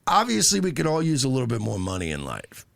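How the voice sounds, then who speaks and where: Animated man telling stories, dry sound. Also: medium pitch, fast, creaky, dry recording. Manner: animated storytelling, profane. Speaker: podcast co-host. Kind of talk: casual political banter.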